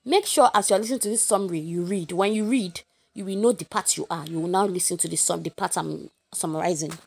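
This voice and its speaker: A woman's voice: fairly low pitch, fast talker, vocal fry, breathy edge. Chatty Nigerian woman summarising a play. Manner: chatty, animated, addresses listeners directly. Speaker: literature teacher. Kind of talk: informal lesson summary.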